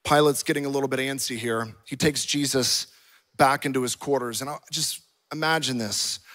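A man's voice: medium pitch, fairly even intonation, normal speed, fairly bright tone. A male pastor delivering an impassioned sermon and acting out scripture dialogue. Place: church auditorium.

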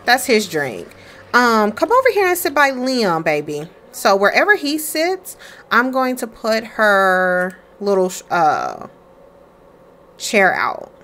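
A woman's voice: mid-range voice, wildly swooping pitch, takes it slowly, pushed and bright. A woman casually commenting on her life-sim game, chatty and playful, talking to her characters. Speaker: let's play streamer.

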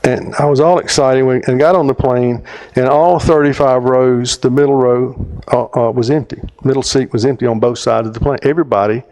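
A middle-aged man, a theologian, telling a story in a talk, halting and restarting, his voice climbing sharply when he acts out his own lines. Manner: animated storyteller, voice climbs high when quoting himself; halting phrasing, restarts mid-sentence. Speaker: theologian speaker.

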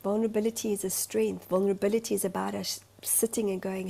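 A woman's voice: medium pitch, little pitch movement, fast talker, gravelly, mellow. A woman in a candid vlog monologue, speaking as a life coach in an earnest, emotional, rambling way.

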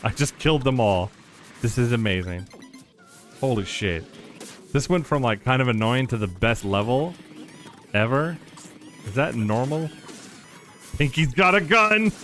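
A man giving casual live commentary while streaming a game, excitable and quick to laugh, swearing often and reacting loudly to surprises. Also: mid-range voice, faint music behind. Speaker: streamer playing a modded platform game.

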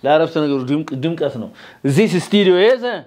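Ethiopian male English teacher in studio, high voice, prompts and repeats. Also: lively intonation, racing, a little mellow. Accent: Ethiopian, Amharic-accented English. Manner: quizzing and prompting, repeating words, asking "yes or no?". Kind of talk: bilingual English lesson, drilling vocabulary.

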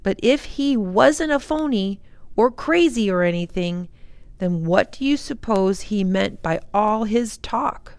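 Lady reading as a thoughtful big brother, slow and careful. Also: medium pitch, lively intonation, darkish tone, clear, resonant tone, dry recording, voice pushed up. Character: thoughtful eldest son, careful and gentle.

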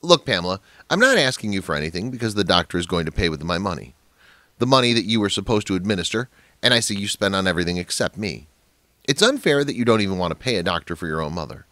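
A man's voice: low voice, lively intonation, quick pace, fairly bright tone, dry recording. A man voicing a grieving, mistreated elderly father in a storybook narration. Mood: angry. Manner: pleading, then firm and angry.

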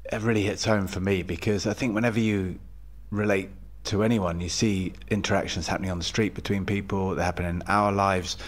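Male podcast host, low voice, reflective, searching delivery. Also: steady tone, brisk. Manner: thoughtful, searching phrasing. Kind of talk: reflective conversational musing.

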